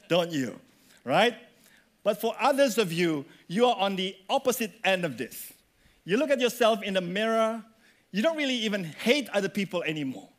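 A male pastor delivering a sermon, animated and conversational, often asking the congregation questions. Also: sits high.

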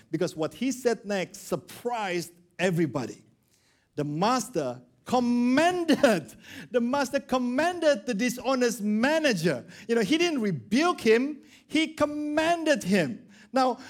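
A male pastor preaching a sermon, acting out the characters of a parable. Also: high-pitched. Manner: animated, acts out characters.

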